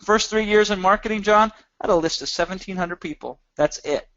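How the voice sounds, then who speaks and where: An instructor with a somewhat high male voice presses his points hard and keeps throwing rhetorical questions at his listeners. The sound is dull and lo-fi, with no room echo at all. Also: a little fast, fairly bright tone. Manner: emphatic, with many rhetorical questions. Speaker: course instructor. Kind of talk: teaching a recorded training session.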